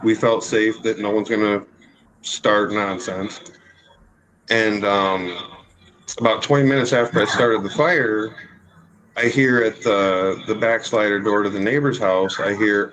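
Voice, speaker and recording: A man's voice: fairly low pitch, fairly even intonation, measured pace, fairly bright tone, poor audio. A man testifying in a courtroom about a dispute with his neighbor, rambling and apologetic, with many fillers and restarts.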